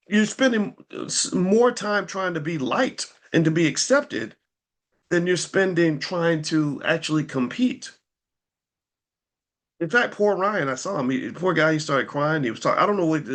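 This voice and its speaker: A man talking straight to his viewers in unscripted commentary, animated and rhetorical, piling up pointed questions and restarting his words as he goes. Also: a little high.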